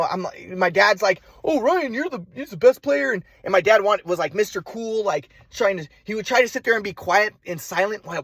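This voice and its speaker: A man's voice: high voice, slightly rough, dry recording. A young man telling his own story in a rambling, profane monologue, full of restarts and repeated words. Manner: profane, restless, many restarts. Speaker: vlogger.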